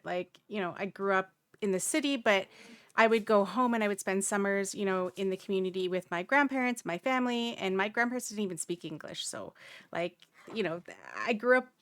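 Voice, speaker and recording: A woman from Canada speaking on a livestream panel, reflective and halting, often restarting her sentences. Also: mid-range voice, fairly bright tone, clear, resonant tone, no echo, clean studio sound. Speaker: streamer, panel guest. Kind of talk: casual panel discussion.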